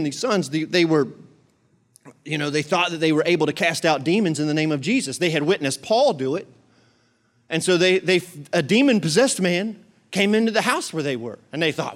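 Guy preaching a sermon, pretty high voice, gets loud and punchy, has the crowd repeat after him. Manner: emphatic preaching with repetition and crowd call-and-response. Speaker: pastor.

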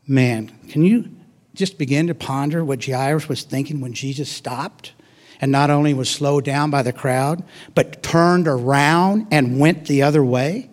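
A man preaching a sermon and reading scripture, acting out voices and swinging from loud to soft. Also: a little high, a little slow.

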